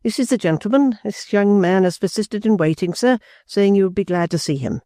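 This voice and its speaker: A reader voicing a brisk hotel porter who speaks in an officious, announcing manner in a storybook reading. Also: mid-range voice, dark tone, no echo, studio quality, voice pushed up, natural voice.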